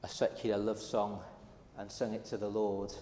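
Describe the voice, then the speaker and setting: A man's voice: lowish voice, flat delivery, normal speed, warm tone, slight background noise. A man preaching a sermon, earnest and storytelling, acting out little exchanges as he goes. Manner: earnest, storytelling with quoted dialogue. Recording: echoey hall with long reverb.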